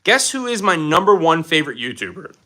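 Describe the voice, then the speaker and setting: A man's voice: a little high, very animated, a little fast, pushed and bright. A young man hosting a casual live stream from his home, joking as he answers chat questions.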